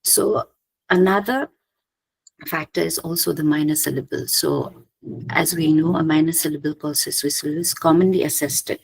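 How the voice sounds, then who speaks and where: A woman with a Khasi accent giving an academic linguistics presentation, halting with many fillers and frequent throat-clearing. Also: deep voice, low-quality recording.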